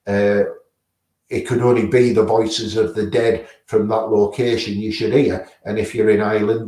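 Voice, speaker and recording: A man's voice: on the low side, darkish tone, distant mic. A man, a guest paranormal investigator, answering casually with many fillers and restarts. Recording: roomy sound, away from the mic.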